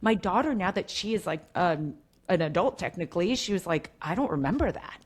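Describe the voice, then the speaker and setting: A woman's voice: lowish voice, lively intonation, brisk, breathy edge. Reflective woman, mother of teens. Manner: reflective, hesitant, many fillers. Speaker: podcast guest. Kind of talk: casual chat.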